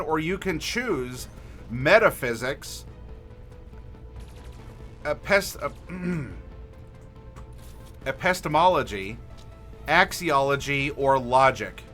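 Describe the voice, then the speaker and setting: A man hosting a livestream as game master, friendly and unhurried, asking chat for dice rolls and pausing with fillers. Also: fairly high pitch, sharp tone. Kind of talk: livestream character creation, talking to chat.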